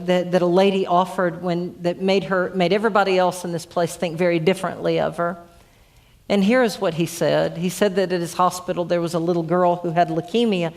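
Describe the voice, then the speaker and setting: A woman's voice: fairly low pitch, a little mellow. Woman, preacher, storytelling sermon, earnest, repeats her words. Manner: earnest, with frequent repeated "and, and" restarts.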